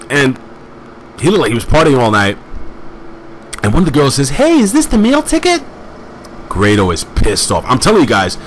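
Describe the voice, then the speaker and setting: A man casually recapping a wrestling show as host, rambling with excitable asides and plenty of fillers. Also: mid-range voice, slight background noise.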